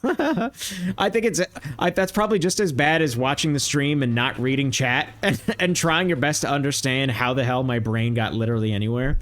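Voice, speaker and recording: A man's voice: medium pitch, normal speed, a bit bright. A man streaming live, riffing in loose, rambling comedy bits and reacting to chat.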